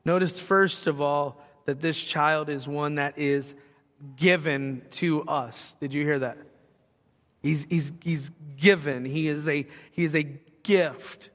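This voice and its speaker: A man's voice: on the high side, fairly even intonation, takes it slowly, fairly bright tone, long reverb tail. A man preaching a sermon as pastor, in a conversational style that builds to emphatic, rising points.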